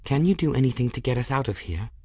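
A man reading an audiobook voices a wary, practical young woman speaking in a tense hush. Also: medium pitch, expressive, fast talker, breathy edge, no room sound, studio quality, voice pushed up.

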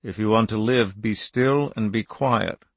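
A man reading a soft, grave killer with a gravelly, dry voice. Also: lowish voice, unhurried, no echo. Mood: menacing. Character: calm menacing male assassin.

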